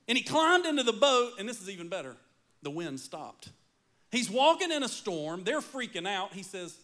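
High-voiced man preaching a lively sermon. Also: moderate pace. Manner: storytelling, animated, playful asides. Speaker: pastor.

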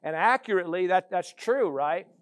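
A man's voice: high-pitched, animated, moderate pace. A man preaching a sermon as a pastor, with a conversational style full of "you know" and "amen".

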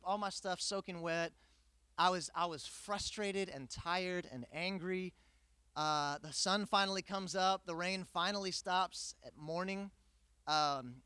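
Lively male preacher with a high voice, recorded dry and close; tells stories with humor from the pulpit. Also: smooth, no echo. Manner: animated storytelling with humor. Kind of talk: sermon with personal story.

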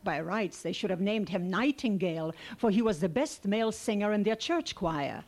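A woman reading an excerpt of a translated novel aloud to listeners. Her delivery is measured and steady, in a voice of ordinary middle pitch. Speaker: reader.

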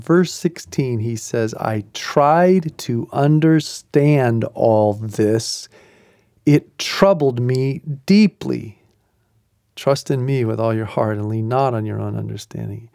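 A man's voice: no room sound, studio quality. A middle-aged man preaching a sermon, animatedly voicing the psalmist's complaints and questions. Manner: animated, voicing the psalmist's protests with rising pitch. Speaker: pastor.

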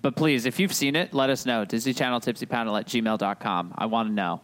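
A man's voice: mid-range voice, a little fast, a bit bright. A man hosting a casual podcast, joking and rambling in a self-deprecating way. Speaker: podcast host.

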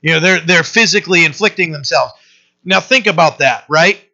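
A man's voice: a little high, moderate pace, gravelly, bright, forceful tone. A man preaching a conversational sermon, often restarting his phrases and checking in with "right?". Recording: dull lo-fi recording.

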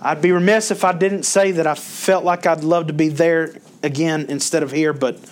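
A man's voice: on the high side, steady tone, normal speed. A male pastor preaching a sermon, folksy and storytelling, rising in emphasis when he quotes scripture.

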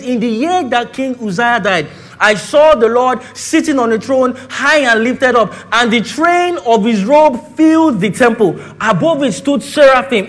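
With a very high pitch and a Nigerian English accent, a man delivers a sermon, shifting from forceful declarations to whispered asides. He addresses the congregation with rhetorical questions.

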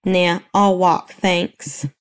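Drunk male mechanic, as a woman reads him, slurring, sloppy, low-set voice. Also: little pitch movement, drawn-out words, smooth. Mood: sulky.

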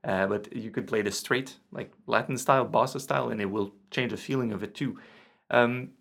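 A gravelly-voiced guitar teacher, a native French speaker, gives a casual online lesson at a normal speed in a mid-range voice. He stays relaxed and counts the beats aloud as he explains. His own guitar plays underneath his voice.

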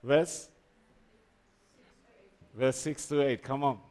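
A man's voice: mid-range voice, fairly even intonation, slow pace, a little mellow. A man preaching a sermon, emphatic, with call-and-response to the congregation. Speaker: pastor.

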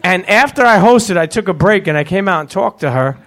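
Rambling, animated podcast host on stage. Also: male voice, high-pitched, a little fast. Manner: animated, rambling, profane storytelling. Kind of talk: live podcast hosting and storytelling. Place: live event space with audience.

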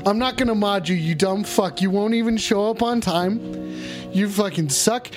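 High-voiced man ranting profanely. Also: normal speed, over music. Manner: profane, exaggerated mock outrage. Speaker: livestream show host. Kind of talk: comedic livestream rant.

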